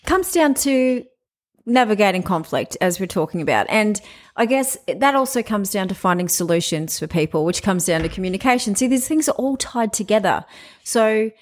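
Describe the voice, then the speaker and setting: A woman's voice: mid-range voice, lively intonation, moderate pace. A middle-aged woman hosting a podcast, giving frank, chatty sales advice and laughing now and then. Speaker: podcast host and sales trainer. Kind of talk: casual podcast monologue.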